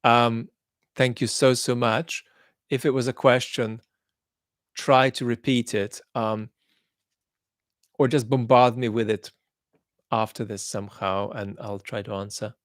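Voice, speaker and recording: A man's voice: mid-range voice, steady tone, measured pace, long pauses, no room sound. Dry, hesitant male livestream host. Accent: mixed, traces of Australian and London. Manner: thoughtful, hesitant with many ums, blunt in judgement. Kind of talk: live chat commentary reading viewer comments.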